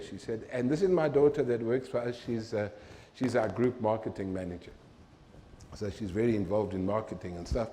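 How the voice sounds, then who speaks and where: An older man, giving a humorous, animated storytelling talk to an audience as a keynote speaker. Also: medium pitch, a little fast, a little hiss or hum.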